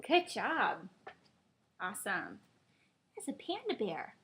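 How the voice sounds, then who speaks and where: A young mother in gentle, coaxing baby talk, praising her infant and now and then imitating animal sounds. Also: mid-range voice, huge pitch swings, slow, vocal fry. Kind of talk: baby talk with a seven-month-old.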